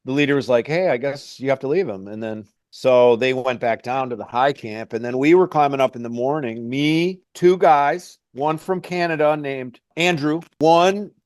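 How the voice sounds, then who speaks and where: A man's voice: medium pitch, moderate pace, few pauses, clean tone, dry recording. Middle-aged male mountain guide, loose rambling storyteller, full of "like", dry close-miked sound. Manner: rambling, says "like" and "hey, man" often. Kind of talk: casual storytelling interview.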